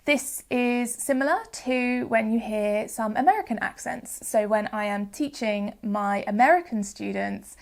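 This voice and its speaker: A phonics teacher from Southern England, with a Southern English accent, presents an educational video lesson, carefully sounding out words and modelling sounds clearly. Her voice is a little high and unhurried, with hardly any pauses.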